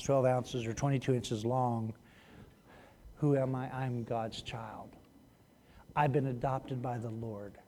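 Animated male pastor in a reverberant church. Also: slight background noise. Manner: animated, swings between loud emphasis and hushed lows; demonstrative, talks to the congregation directly. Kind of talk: sermon. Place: church sanctuary. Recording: long reverb of a large church hall.

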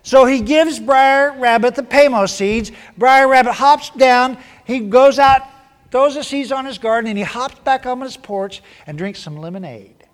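A man's voice: very high-pitched, a little slow. A man preaching a sermon, who tells a folksy animal story in down-home speech. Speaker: pastor.

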